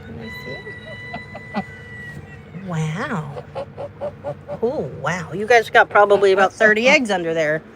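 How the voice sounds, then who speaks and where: A woman on her duck farm chats to viewers and to her birds, her voice lifting high whenever she coaxes them. She is recorded outdoors by the pens with faint noise behind her. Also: animated, a little slow. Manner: chatty, talks to her ducks in a high coaxing voice. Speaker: duck keeper. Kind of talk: casual farm vlog talk.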